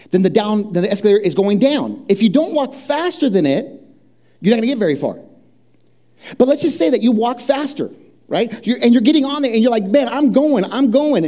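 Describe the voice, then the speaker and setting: Chatty and conversational, a middle-aged male pastor poses questions to his congregation during a sermon. When the subject turns to prayer, his voice sinks low and quiet.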